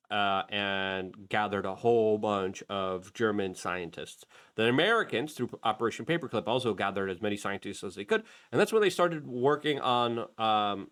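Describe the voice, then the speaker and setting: A man's voice: lowish voice, fairly bright tone. A middle-aged man hosting a talk show, commenting on a clip with heated, emphatic bursts. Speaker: show host.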